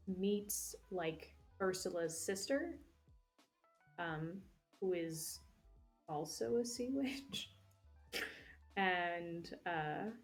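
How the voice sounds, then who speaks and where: A woman's voice: on the low side, darkish tone. A young woman hosting a livestream, chatting casually while she works, rambling with lots of fillers and frequent swearing. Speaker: livestream host. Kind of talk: casual chat while crafting.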